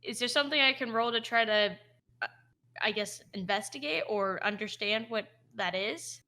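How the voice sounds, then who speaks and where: A woman playing in a tabletop game, talking casually with her party and sometimes trailing off mid-thought. Her voice is bright and fairly high. She laughs easily. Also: normal speed. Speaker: player.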